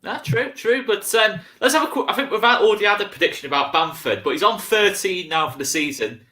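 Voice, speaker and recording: Bright-voiced man hosting football chat. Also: high voice, expressive, brisk. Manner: chatty, repeats "to be fair". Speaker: host.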